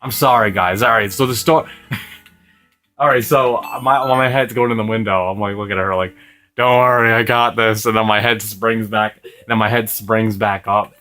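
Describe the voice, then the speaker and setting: A man's voice: lowish voice, steady tone, moderate pace, sharp tone, faint music behind. A young man casually telling a rambling, profane story while playing a video game, laughing now and then. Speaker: gaming video host.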